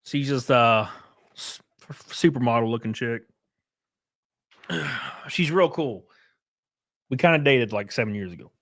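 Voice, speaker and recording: Man, live streamer, casual chat, profane, mid-pitched voice, shouts out viewers. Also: a little slow, pauses often. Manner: loose, swearing, shouts out chatters.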